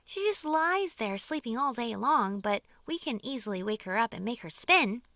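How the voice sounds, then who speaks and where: A woman voicing a wise old male grasshopper in an audiobook, with sharp, lively questions. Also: a little high, moderate pace, no room sound. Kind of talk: audiobook character voice.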